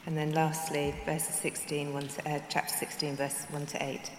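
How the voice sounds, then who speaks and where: A woman with a low voice reads scripture aloud in a measured, steady way. Her reading rings through a roomy church with a long reverb. Faint ambient noise sits behind her. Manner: measured, reads quoted lines with more force. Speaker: scripture reader.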